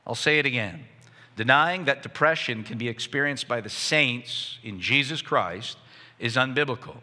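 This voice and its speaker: A man preaching a sermon to his congregation, impassioned and building to near shouts. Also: medium pitch, moderate pace. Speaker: pastor. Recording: long reverb of a hall.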